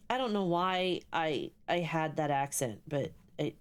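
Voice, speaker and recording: A young woman streaming a ghost-hunting game live, talking to her chat in an excitable, swearing, chatty way. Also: low voice, a little slow, few pauses, clear, resonant tone. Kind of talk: live gameplay commentary.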